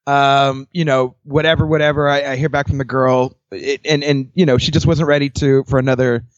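A young man, a podcast guest, telling his dating stories in casual chat, candid and quick to laugh, swearing freely. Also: mid-range voice, flat delivery, no echo. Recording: dry, dull lo-fi sound.

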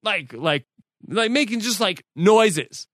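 A man's voice: high voice, lively intonation, slow, a bit bright, no room sound, studio quality. A man on a podcast, casually telling a story with many fillers and restarts. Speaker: podcast co-host. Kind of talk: casual chat recounting a story.

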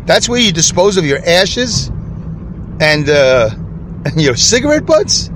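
A podcast host records an unscripted solo episode from inside his car, with traffic and street noise around him. He speaks slowly in a high voice with big pitch swings, chatty and rambling, easily sidetracked.

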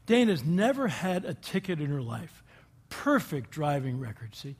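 High-voiced man telling folksy stories. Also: very animated, normal speed, slightly rough. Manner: folksy, asks the audience questions. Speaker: guest speaker addressing a group. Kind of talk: inspirational talk with anecdotes.

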